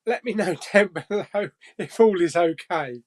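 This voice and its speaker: A man's voice: high voice, expressive, normal speed. A man hosting a casual live chat stream and reading viewer comments, jokey, laughing often and swearing casually.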